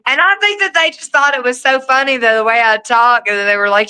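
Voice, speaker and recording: A woman's voice: high voice, moderate pace, sharp tone, clean tone, low-quality recording. A woman with a Southern US accent, a wrestling guest telling stories in a chatty, self-mocking way, swearing freely. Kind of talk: casual chat.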